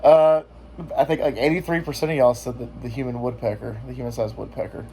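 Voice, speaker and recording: Joking, rambling man with a mellow voice. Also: mid-range voice, fairly even intonation, a little fast, a little hiss or hum. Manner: joking, rambling with filler words. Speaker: vlogger. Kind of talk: casual chat.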